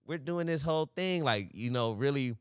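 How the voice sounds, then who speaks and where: A young man co-hosting a podcast, telling a story in casual chat, animated and laughing often, acting out voices. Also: mid-range voice, normal speed, smooth, no echo, studio quality. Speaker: podcast co-host.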